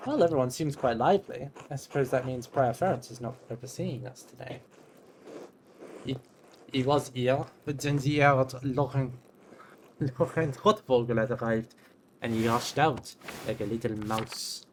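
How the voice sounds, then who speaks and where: A young man streams a story game, chatting casually and reading its dialogue aloud playfully. He swears, reacts with little gasps and laughs, and speaks at a medium pitch and moderate pace over a little hiss or hum.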